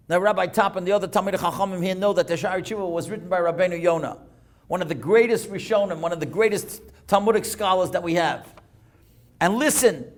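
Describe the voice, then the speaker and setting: A man rabbi giving a storytelling sermon at a synagogue, animated as he reads and translates Hebrew texts. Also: sits high. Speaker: rabbi giving a guest lecture. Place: synagogue lecture.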